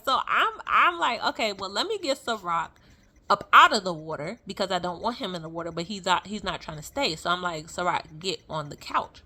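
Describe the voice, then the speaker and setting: A young adult woman telling a personal story in a casual, animated way, full of fillers and laughing as she goes. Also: medium pitch, brisk. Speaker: vlogger sharing a testimony.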